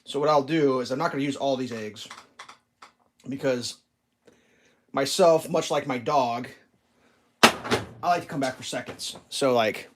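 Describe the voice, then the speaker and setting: A man's voice: mid-range voice, a little slow, pauses often, noisy background. A man vlogging casually while cooking in his home kitchen, rambling and chatting with his dog.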